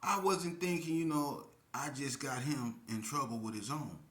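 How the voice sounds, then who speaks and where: A man's voice: medium pitch, moderate pace, a bit bright, reverberant. A man telling a prison story in casual street slang, full of fillers and acted-out quotes. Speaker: storyteller recounting prison life.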